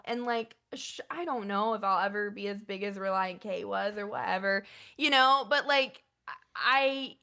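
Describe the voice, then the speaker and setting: A young woman talking as a guest musician in a casual interview, chatty and full of filler words, emotional and effusive. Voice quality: chatty, lots of filler likes. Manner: effusive and emotional, pitch jumps up when excited.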